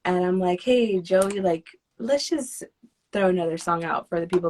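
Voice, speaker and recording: A woman's voice: normal speed, a little hiss or hum. Chatty young woman telling a story. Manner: animated, acts out quoted phone calls with high excited voices. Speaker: guest singer. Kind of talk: casual interview storytelling.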